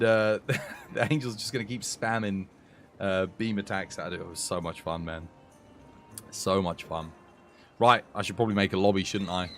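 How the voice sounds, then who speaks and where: A man commentating his live game stream, excitable and chatty, talking to his chat. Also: mid-range voice.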